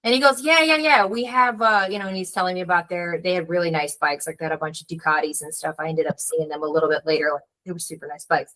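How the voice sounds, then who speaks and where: Bright-voiced woman telling a story. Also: sits low, very fast, few pauses, rough recording. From United States. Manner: animated storyteller, acts out quoted voices, frequent "like". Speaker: author, guest. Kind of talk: casual storytelling conversation.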